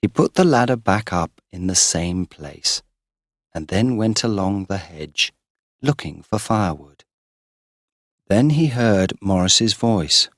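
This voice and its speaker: A man reading a simple story aloud for English learners, slow and deliberate. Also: deep voice, lively intonation, no room sound, studio quality. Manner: slow, deliberate, clearly paced. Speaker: audiobook narrator. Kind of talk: scripted narration for English learners.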